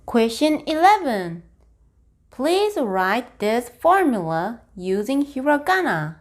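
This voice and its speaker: A woman with a Japanese accent teaching a language lesson, speaking very slowly and deliberately and breaking sentences into pieces. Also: on the high side, sing-song. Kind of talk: slow, clear online language lesson.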